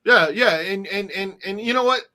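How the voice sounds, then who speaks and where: Man, middle-aged, bright tense voice, casual live-stream talk, rambling restarts. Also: sits high, normal speed. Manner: rambling, restarts and repeats words. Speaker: podcast co-host.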